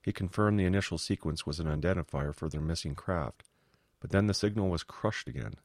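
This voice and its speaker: A man narrating a science fiction story in a measured, steady way. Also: sits low, no echo. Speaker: audiobook narrator. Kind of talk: scripted narration.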